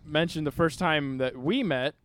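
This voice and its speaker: A podcast co-host with a smooth, clean voice steers the conversation and drops dry asides. The delivery is casual and relaxed. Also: mid-range voice, normal speed. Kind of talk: casual chat.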